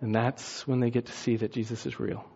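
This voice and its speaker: A man preaching a sermon, telling a story with lively, animated delivery and acted-out voices. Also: mid-range voice, fairly quick, vocal fry, muffled recording, a little hiss or hum. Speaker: pastor.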